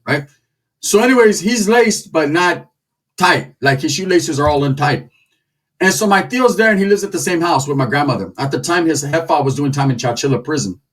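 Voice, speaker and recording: Animated, husky-voiced male storyteller. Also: on the high side, brisk, distant mic. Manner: animated, crude, slang-heavy. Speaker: comedic storyteller. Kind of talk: comedic storytelling.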